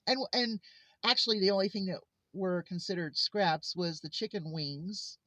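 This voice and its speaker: A woman's voice: lowish voice, moderate pace, fairly bright tone, dry recording. A woman vlogger telling personal stories in a heartfelt, earnest way. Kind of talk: casual personal monologue. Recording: slightly muffled lo-fi recording.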